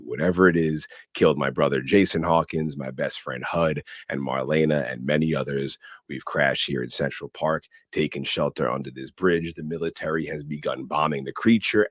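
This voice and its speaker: A man's voice: a bass voice, no echo, clean studio sound. A man reading out a shaken young man's last message. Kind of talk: podcast movie recap.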